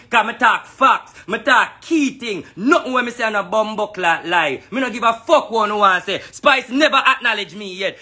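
A man's voice: very high-pitched, sharp tone. A man with a Jamaican accent delivering a heated, profane rant in patois, full of repeated taunts. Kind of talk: angry ranting monologue.

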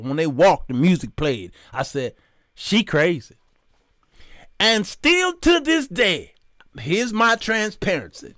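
A man hosting a live talk show, telling stories with animated, preacher-like emphasis and greeting viewers by name. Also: high-pitched, no room sound, studio quality. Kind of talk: live talk show monologue with chat shout-outs. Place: studio.

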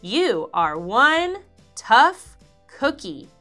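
A woman's voice: fairly high pitch, sing-song, extremely slow, sharp tone, soft background music, full character voice. Woman doing a sly easygoing storybook fox. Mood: blunt. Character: sly friendly fox, grown male, easygoing.

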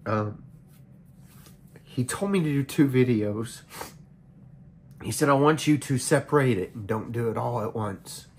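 A man's voice: medium pitch, animated, a little mellow, slight background noise. Tearful man sharing a vision. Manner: choked up, halting, restarts often. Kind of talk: emotional spoken testimony.

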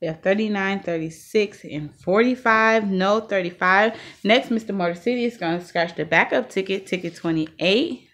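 A woman co-hosting a lottery ticket scratching video, talking casually and breaking into loud cheers. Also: medium pitch, moderate pace. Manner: upbeat, bursts into loud cheers. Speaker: channel co-host.

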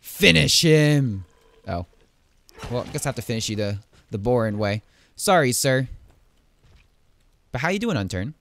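A man's voice: medium pitch, sing-song, brisk, pauses often. A young man giving casual, playful commentary while playing a game and talking to the enemies he fights. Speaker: gaming YouTuber.

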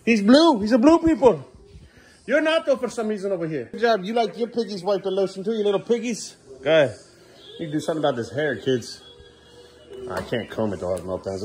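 A man's voice: a little high, lively intonation, quick pace. A man filming a casual family vlog at home, coaxing and joking with his children as he hurries them through bath time. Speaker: father filming his kids.

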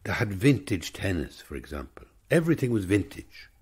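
A man's voice: deep voice, sing-song, moderate pace, breathy edge. An older Irish man telling a rambling, reflective story. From Ireland. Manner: reflective, digressive.

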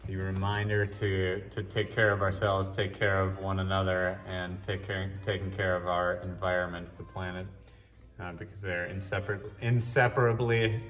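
Deep-voiced man touring his art show. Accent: mixed Australian and New Zealand. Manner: relaxed, musing, with fillers and restarts. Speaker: artist giving a gallery tour. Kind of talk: casual walk-and-talk. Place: historic house gallery, indoors. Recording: roomy and distant, faint music behind.

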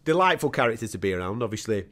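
A man's voice: fairly low pitch, sing-song, very fast, fairly bright tone. A British man co-hosting a fight preview, chatty and enthusiastic, calling his co-host mate. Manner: enthusiastic, chummy, swears, says mate. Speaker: MMA show co-host. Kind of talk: casual fight preview chat.

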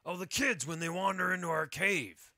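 A man voicing a trio of cheerful, savage bears who chant a shouted sing-song jingle. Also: high voice, normal speed, no echo, clean studio sound, pitched above the performer's own voice, exaggerated voice. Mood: matter-of-fact. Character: three singing bears, cheerful and gleefully savage.

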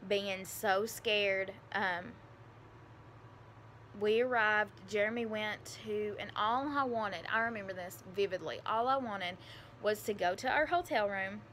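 A young woman with a country accent, an adoptive mother who vlogs, tells a personal story in a casual, rambling, earnest way full of fillers. Her mid-range voice sounds pushed and bright, with slight background noise.

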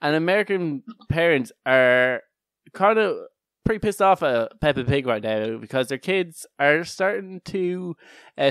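A man's voice: medium pitch, fairly bright tone, clean tone, dry recording. Man, podcast co-host, rambling casual chat, dry close mic. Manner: rambling, laughs often, frequent restarts.

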